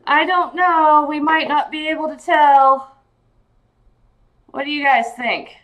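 Woman, live-stream seller, excitable, gushing, giddy, tired, slightly high voice. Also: slow pace. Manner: excitable, gushing, addresses viewers by name. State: giddy and tired late at night. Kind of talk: casual live-stream selling chat.

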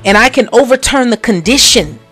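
A woman's voice: lively intonation, brisk, faint music behind. A woman hosting a motivational podcast, speaking in a preachy way and repeating phrases for emphasis. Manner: swings from low murmurs to loud exclamations. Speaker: podcast host. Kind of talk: motivational talk.

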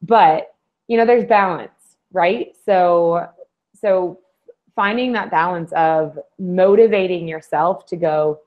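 A woman on a fitness panel who talks in a lively way and acts out the voices she quotes. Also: fairly low pitch, takes it slowly. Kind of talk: casual panel discussion. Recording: slightly dull lo-fi audio.

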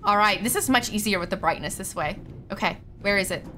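A woman's voice: medium pitch, fairly quick, noisy background. A young woman streaming a horror game live, panicking, shrieking and swearing as she plays. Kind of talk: live gameplay commentary.

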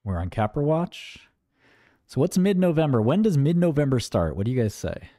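A man's voice: mid-range voice, sing-song, moderate pace, dark tone, dry recording. A man giving rambling, sarcastic livestream commentary, mocking and wandering off topic.

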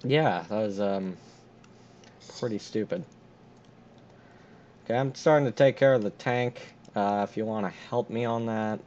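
A man's voice: fairly low pitch, a little slow, long pauses, a little mellow, dull audio. A young man gaming and chatting casually, with dry sarcastic banter. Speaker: gamer.

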